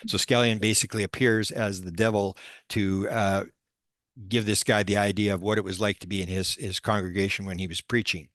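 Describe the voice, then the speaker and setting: A man who is a paranormal researcher tells stories in a presentation. He talks haltingly, with many fillers and restarts. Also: sits low, steady tone, fairly bright tone, no echo, clean studio sound. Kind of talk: storytelling presentation.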